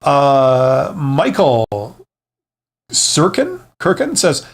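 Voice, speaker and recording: Middle-aged male host, casual live Q&A, fairly high voice, rambling, blunt and reassuring. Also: animated, moderate pace. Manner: conversational, frequent fillers and restarts, reassuring; blunt, joking asides. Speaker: livestream host, former CEO.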